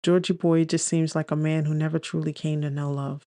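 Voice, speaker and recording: A man voicing a playful young woman who teases and argues in quick-witted banter. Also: a little high, level tone, mellow, no room sound, clean studio sound, natural voice. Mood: teasing. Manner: teasing, argumentative banter.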